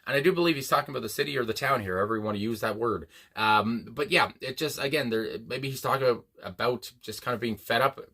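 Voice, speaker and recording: Male reaction host, bright tone, rambling and chatty. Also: mid-range voice, fast, hardly any pauses. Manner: rambling, many fillers and restarts. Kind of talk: casual reaction commentary.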